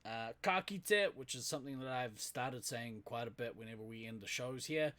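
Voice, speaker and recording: A man's voice: medium pitch, normal speed, fairly bright tone. Chatty New Zealand man, laughing a lot. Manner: laughs often, chatty and loose, trails off with fillers. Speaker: podcast co-host. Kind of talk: casual chat.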